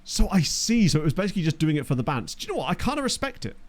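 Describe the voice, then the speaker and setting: Rapid-fire and very animated, this young man's slightly high voice carries his casual live-stream commentary over a football management game. Through a desk microphone, he trades wry remarks and responds to his chat.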